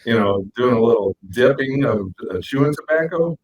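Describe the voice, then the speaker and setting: A man co-hosting a podcast, telling animated stories and acting out quotes with big jumps in his voice. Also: mid-range voice, moderate pace, slight background noise, poor audio. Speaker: podcast co-host. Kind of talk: casual storytelling chat.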